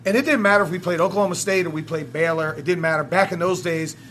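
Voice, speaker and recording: A man in his forties from South Florida, talking sports with a high, bright voice. He is profane and fired-up, and he climbs into shouts when the rivalry comes up. A faint ambience sits under him. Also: fast talker, slight background noise. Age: 40s. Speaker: radio host. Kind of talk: animated sports talk.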